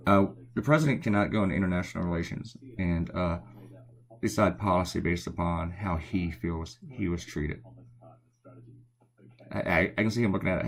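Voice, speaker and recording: Deep and gravelly, a Southern man's voice drifts through a relaxed live drawing session, where he rambles casually and responds to viewers' comments as a cartoonist. He's speaking quietly at home at night so nobody wakes up.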